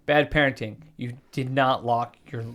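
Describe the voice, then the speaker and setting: Man, casual podcast chat, mid pitch, short dry jokes. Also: steady tone, moderate pace, a bit bright.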